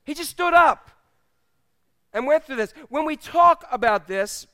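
Animated high-voiced male preacher. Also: measured pace. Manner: conversational, animated, addresses the congregation directly. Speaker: pastor. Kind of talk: sermon. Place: church.

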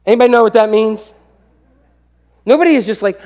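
A man's voice: extremely high pitch, brisk. A middle-aged man preaching a sermon, telling a family story and acting out what each person said. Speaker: pastor.

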